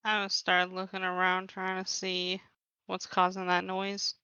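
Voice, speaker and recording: A woman playing a tabletop game, calm and measured, with a bright, crisp voice. She speaks slowly and evenly. The recording is dry and a little dull. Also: medium pitch, dry recording. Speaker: player.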